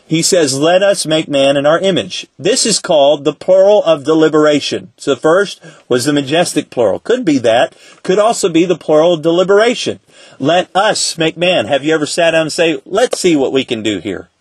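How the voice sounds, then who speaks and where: A man teaching a Bible study lesson in a conversational way, asking rhetorical questions and slowing down to quote scripture. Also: on the high side, breathy edge, dry recording.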